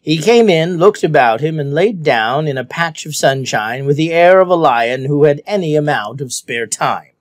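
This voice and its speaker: Expressive male storybook reader. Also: a little high, moderate pace, hardly any pauses, no echo, studio quality. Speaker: audiobook reader. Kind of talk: scripted narration.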